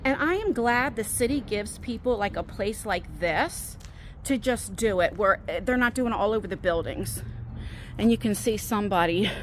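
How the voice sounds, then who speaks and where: A middle-aged woman telling a personal story while walking outdoors, chatty and animated, acting out what others said. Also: mid-range voice, moderate pace. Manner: chatty, animated, quotes people in raised voices. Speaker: vlogger. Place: outdoors on a walk. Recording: faint outdoor background noise.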